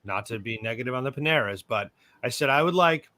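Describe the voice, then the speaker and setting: A man's voice: mid-range voice, lively intonation, fast talker, pushed and bright. A man from New York co-hosting a music podcast, telling wry, rambling stories in casual chat. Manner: wry, rambling anecdotes with mild cursing. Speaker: podcast co-host.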